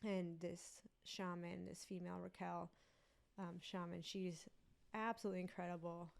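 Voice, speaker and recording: A woman's voice: on the low side, little pitch movement, normal speed, gravelly. A woman guest on a podcast, earnestly telling a personal story in a rambling way with many fillers.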